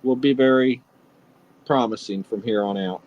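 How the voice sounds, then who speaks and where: A man co-hosting a live stream, chatting casually and telling corny jokes deadpan. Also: medium pitch, normal speed, highs cut off. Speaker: stream co-host. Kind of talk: casual joke-telling chat.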